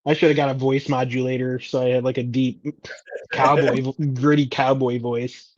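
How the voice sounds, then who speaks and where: A man's voice: mid-range voice, little pitch movement, normal speed, darkish tone, dry recording. Guy on a stream call, self-deprecating, laughs a lot, dull dry audio. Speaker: guest snake breeder. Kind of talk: casual livestream chat.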